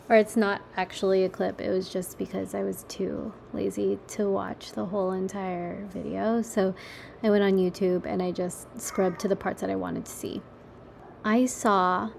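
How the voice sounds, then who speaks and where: A young woman rambles through her solo podcast at an unhurried pace, chatty and self-mocking, with casual swearing. She talks from her kitchen table at home, with a faint background hum in the room. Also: mid-range voice, gravelly, darkish tone. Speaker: podcast host.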